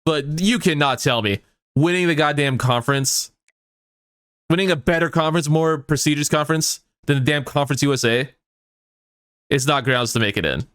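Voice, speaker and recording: A man commenting on his own football video game dynasty, excitable and swearing often as his mood swings between hype and outrage. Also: fairly high pitch, normal speed, no echo, clean studio sound. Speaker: gaming YouTuber. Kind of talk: let's play commentary.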